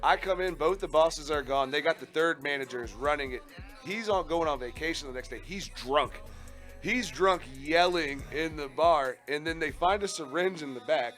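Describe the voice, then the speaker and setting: A man in casual radio chat tells a rowdy story, his voice sitting a bit high and full of swearing and quick laughs. Faint music plays underneath. He jumps into loud, animated voices when he quotes people. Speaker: radio show host.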